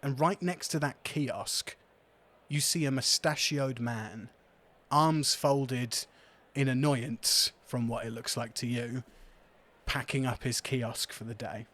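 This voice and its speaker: A man's voice: mid-range voice, slow. Man narrating as game master. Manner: descriptive, relaxed storytelling.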